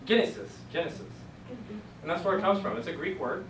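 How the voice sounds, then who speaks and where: Recorded by a distant camera in an echoey, noisy classroom, a man teaches Greek in a casual lecture. His voice sits high, he speaks quickly and animatedly, and he walks the class through the material patiently, one step at a time.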